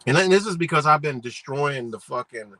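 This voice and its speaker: A man's voice: on the high side, expressive, brisk, a bit bright, dry recording, rough recording. A man hosting a live stream, talking in a rambling, profane, slangy way and firing rhetorical questions at his viewers. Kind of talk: casual live-stream rant.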